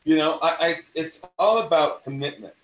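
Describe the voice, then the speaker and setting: Acting coach, male, mid-Atlantic accent, slightly high voice, animated, recorded in a roomy space from a distance. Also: moderate pace. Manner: animated, repeats and restarts phrases. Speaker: acting teacher. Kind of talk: conversational interview.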